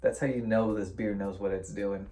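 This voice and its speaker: A man's voice: fairly low pitch, level tone, normal speed, dark tone, a little hiss or hum. A man co-hosting a casual beer review, describing flavors with enthusiastic images and sound effects. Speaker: co-host of a beer review show. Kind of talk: casual chat.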